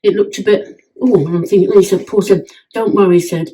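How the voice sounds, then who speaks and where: A woman's voice: medium pitch, steady tone, fast talker, warm tone, husky, low-quality recording. A woman at home, chatting enthusiastically about work done on her house, often restarting her sentences. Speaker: homeowner giving a testimonial. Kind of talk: casual chat. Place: at home indoors.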